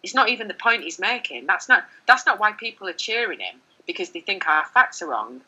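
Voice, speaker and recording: A middle-aged woman journalist speaking candidly in an interview, animated, with many fillers and restarts. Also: mid-range voice, a little fast, slightly rough, highs cut off. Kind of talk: conversational interview.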